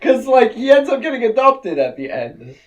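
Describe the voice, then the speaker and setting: A man's voice: very high-pitched, big pitch swings, moderate pace, muffled recording. A young man co-hosting a casual podcast about movies, laid-back and profane, laughing often. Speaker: podcast co-host. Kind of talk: casual movie review chat.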